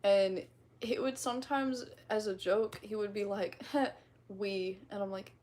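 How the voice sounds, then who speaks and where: A woman's voice: medium pitch, a little slow, a little mellow. A young woman from the Midwest with a slight twang, chatting casually and reading viewer comments on a livestream, rambling and giggly with casual swearing.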